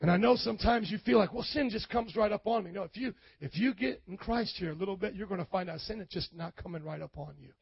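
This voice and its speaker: A pastor preaching a sermon, acting out the excuses of his listeners in an animated way. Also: sits high, fast, creaky, hardly any pauses, breathy edge, dry recording, lo-fi sound.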